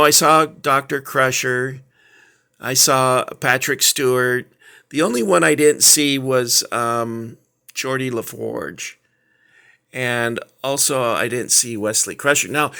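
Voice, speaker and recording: Middle-aged male collector host, unhurried, rambling casual chat full of ums. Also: mid-range voice, vocal fry, pushed and bright. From Southern California. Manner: rambling, halting, many fillers. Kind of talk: casual show-and-tell chat.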